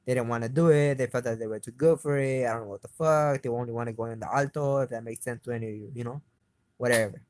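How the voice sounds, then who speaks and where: A young man ranting on and on, swearing constantly, his voice climbing in pitch as he gets worked up. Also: steady tone, fast talker, darkish tone, slight background noise. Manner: agitated, swears constantly, voice climbs when heated. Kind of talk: profane rambling rant to camera.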